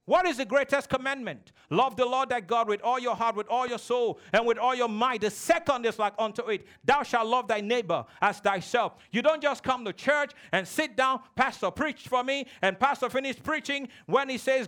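A man's voice: very high voice, fairly bright tone. A male pastor preaching a sermon to a congregation, calling for responses and acting out childish quarrels. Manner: preaching with call-and-response, mimicking childish voices. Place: church.

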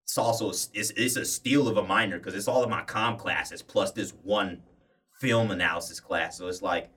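A young man in casual conversation, telling animated, rambling stories with many restarts and fillers. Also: deep voice, normal speed, recorded from a distance. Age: young adult. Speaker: interviewee. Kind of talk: casual storytelling chat.

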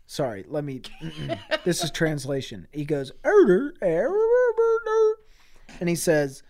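A man unspools an absurd, crude improvised story on a podcast, taking his time over each line. His pitch swings widely, and he swears casually as the tale escalates. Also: lively intonation, a little slow, gravelly, darkish tone. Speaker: podcast co-host.

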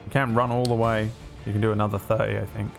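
A man's voice: lowish voice, flat delivery, fast talker, creaky, over music. A man narrating as game master, vivid and dryly teasing toward the players.

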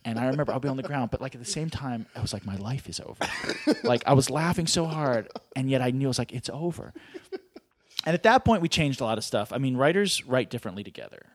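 A man's voice: medium pitch, lively intonation, very fast, few pauses. A middle-aged man and screenwriter, telling comic stories casually as a podcast guest and laughing through them.

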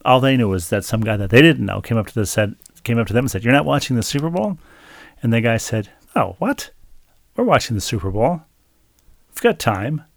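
A man's voice: medium pitch, expressive, brisk, vocal fry, dry recording, clean studio sound. A man co-hosting a casual chat show, telling stories in a wry, self-mocking way. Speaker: podcast co-host.

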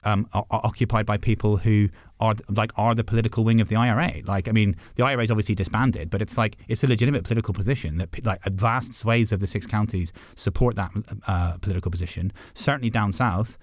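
A Northern Irish man, a barrister guest, talks rapidly and passionately in a casual conversation, arguing and telling stories. His voice sits fairly low. The recording is dry and close. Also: no echo. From Northern Ireland. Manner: fast, passionate, argumentative storytelling.

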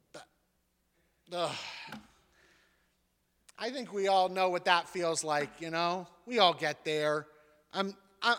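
A man preaching a sermon as a pastor, telling funny personal stories in an animated, joking way. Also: on the high side, long reverb tail.

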